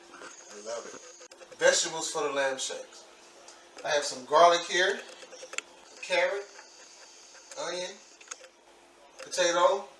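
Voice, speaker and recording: Man, home cook, loose and chatty, recorded off-mic in a roomy kitchen. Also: very noisy. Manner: chatty, relaxed, says "boom" while chopping. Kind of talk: casual cooking demo. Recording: echoey kitchen, far from mic, loud frying.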